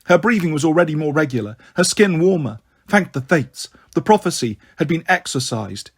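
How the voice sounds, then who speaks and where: A man reading an audiobook aloud in first person, with expressive, dramatic delivery. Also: on the high side, normal speed, husky. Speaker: storyteller. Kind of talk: audiobook narration.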